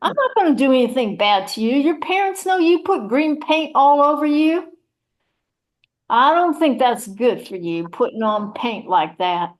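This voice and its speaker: A woman's voice: sits high, animated, unhurried. A woman doing a folksy church mama. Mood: scolding, motherly. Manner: rambling, folksy and motherly. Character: chatty churchgoing rural Southern mama. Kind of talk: one-woman audio play reading.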